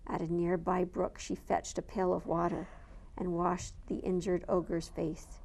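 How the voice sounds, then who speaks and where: A woman reading a picture book aloud to listeners with an expressive, animated delivery. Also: fairly low pitch, measured pace, gravelly. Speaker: storyteller.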